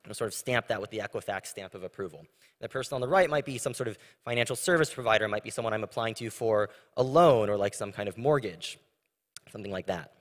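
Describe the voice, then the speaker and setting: A man's voice: on the low side, fast. Man giving a casual technical talk. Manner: casual, conversational with frequent fillers. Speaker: conference presenter. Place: large conference room. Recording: long reverb of a large hall.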